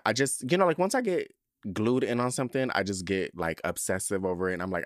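A man hosting a podcast, telling a story in a campy, profane, animated way. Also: lowish voice, brisk, no echo, clean studio sound. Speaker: podcast host. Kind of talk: casual chat.

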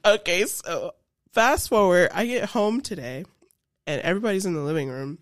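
A young woman telling a funny story on a casual podcast, animated and swearing freely. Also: lowish voice, moderate pace, no room sound, clean studio sound. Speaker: co-host.

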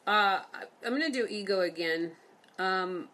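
A woman's voice: mid-range voice, pushed and bright, slight background noise. Chatty woman hosting a poetry call. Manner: chatty, full of fillers, reads rhymes briskly. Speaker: host of a poetry session. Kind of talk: casual chat and poetry reading.

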